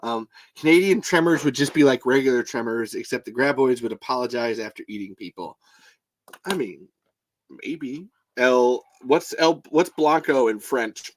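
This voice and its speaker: A man chatting casually on a livestream, reading viewer comments and bursting into animated movie-line impressions. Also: medium pitch, normal speed, slight background noise, rough recording. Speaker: show guest and regular.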